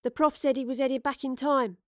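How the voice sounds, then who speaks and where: A woman's voice: sits high, fairly even intonation, brisk, no echo, clean studio sound, voice pushed up, natural voice. Astrid, a woman voicing a blunt slangy streetwise fighter. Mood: stern. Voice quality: slangy, rough-edged dialect. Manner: blunt, loud, pushy.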